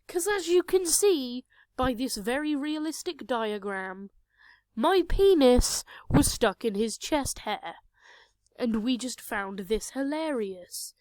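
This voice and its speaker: A young woman, her voice slightly high and a bit dark in tone, recounts a tabletop game session in a slow, animated way. She rambles casually, mocking herself with crude humor, over soft background music. It was captured on a cheap home microphone.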